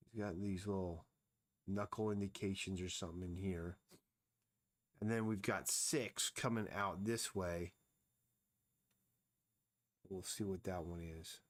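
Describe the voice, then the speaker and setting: Brief: low-pitched man, drawing on a live stream, slow and musing, talks to himself as he works. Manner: slow, thinking aloud, mumbling to himself. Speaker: comic artist streaming his drawing. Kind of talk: casual live-stream narration while drawing.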